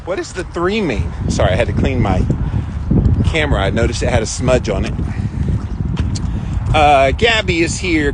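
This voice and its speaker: A middle-aged man hosting a casual live stream outdoors, greeting viewers by name and chatting about his ice bath routine. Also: mid-range voice. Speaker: host. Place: outdoors on a windy day. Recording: wind noise on the mic.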